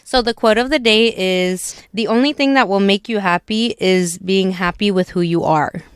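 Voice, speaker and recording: A woman's voice: medium pitch, moderate pace, clear, resonant tone, no room sound, studio quality. A woman co-hosting a casual podcast, talking candidly and earnestly, often retelling her own conversations. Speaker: podcast co-host.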